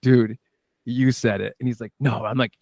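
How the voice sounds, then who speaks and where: A man, a musician and director, telling lively stories in a casual interview and acting out what people said. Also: medium pitch, moderate pace, no echo, studio quality. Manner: animated storyteller, acts out quoted dialogue.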